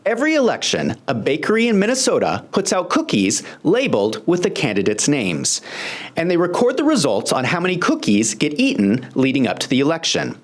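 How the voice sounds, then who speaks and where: A host delivering political commentary with a sarcastic, pointed edge. The voice swoops dramatically up and down while its pitch stays mid-range. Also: wildly swooping pitch, a little fast.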